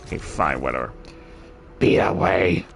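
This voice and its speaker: A man's voice: low-pitched, moderate pace, gravelly, soft background music. A man streaming a game, chatting casually and telling rambling stories with frequent chuckles. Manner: rambling, chuckling, animated storytelling. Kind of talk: casual chat on a livestream.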